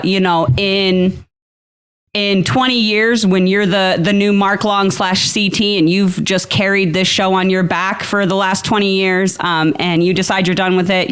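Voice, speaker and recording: A woman's voice: medium pitch, clean tone. A woman co-hosting a podcast, asking her guest questions in a friendly, upbeat way. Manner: friendly, upbeat, quick to laugh. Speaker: podcast co-host. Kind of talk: casual interview talk.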